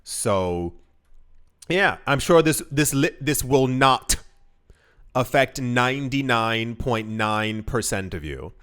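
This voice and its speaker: A man's voice: medium pitch, animated, takes it slowly, fairly bright tone, clear, resonant tone. A young man giving casual commentary to camera, rambling with many restarts and incredulous asides. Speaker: crypto commentator.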